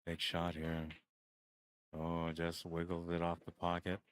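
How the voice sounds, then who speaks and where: A man with a deep, just-woke-up voice, rambling and joking as he runs a pool tournament stream and calls the shots, short on sleep. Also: completely flat delivery, unhurried, clear, resonant tone. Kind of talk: casual live-stream commentary.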